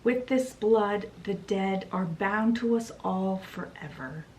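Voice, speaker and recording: A woman voicing a cruel, domineering witch mother who speaks slowly and commandingly. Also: medium pitch, a little mellow, lightly acted, low-quality recording.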